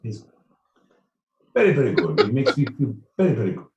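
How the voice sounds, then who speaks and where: A man putting on a Colombian accent, rambling dreamily and haltingly. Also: mid-range voice, big pitch swings, warm tone, reverberant, distant mic, highs cut off, lightly acted. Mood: dreamy.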